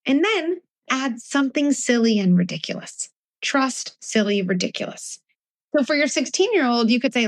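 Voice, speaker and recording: A woman in her forties, a parenting expert speaking to a live audience, animated and acting out little scenes with her children in shifting voices. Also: high voice, normal speed, dry recording. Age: 40s. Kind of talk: live talk before an audience.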